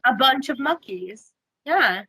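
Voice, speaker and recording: A woman's voice: high voice, expressive, slow pace, pushed and bright, slightly rough, no room sound, low-quality recording. A woman co-hosting a podcast, chatting casually and teasing the others. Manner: playful, teasing, laughs often. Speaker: podcast co-host. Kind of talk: casual chat.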